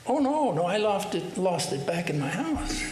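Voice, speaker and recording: A man's voice: sits high, very animated, normal speed, darkish tone. A man voicing a widowed seamstress in a parable, answering in an earnest, matter-of-fact way. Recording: roomy hall with faint hiss.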